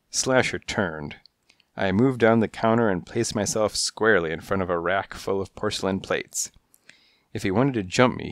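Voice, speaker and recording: A man narrating a first-person noir detective storybook in a hardboiled, measured storytelling manner, on a close mic. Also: fairly low pitch, dry recording. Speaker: audiobook narrator.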